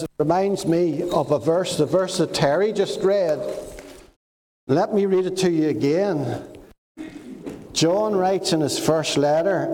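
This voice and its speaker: A man preaches to children, spinning a story in a slow, dramatic way. His voice sits high and he takes his time over each phrase. He is heard in a roomy hall with a long, ringing reverb. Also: dark tone. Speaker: preacher giving a children's talk. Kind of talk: storytelling sermon. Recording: echoey hall, faint noise.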